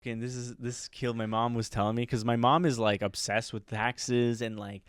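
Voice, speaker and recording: A man's voice: mid-range voice, fairly even intonation, normal speed, clean tone, no room sound, studio quality. A young man co-hosting a podcast, telling rambling stories in casual chat with lots of restarts. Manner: rambling storyteller, many restarts and laughs. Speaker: podcast co-host.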